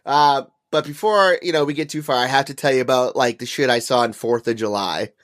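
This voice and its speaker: Fairly quick and fairly bright, a young man's mid-range voice carries a long, profane story on a podcast he co-hosts. The casual telling rambles, thick with "like" and "uh."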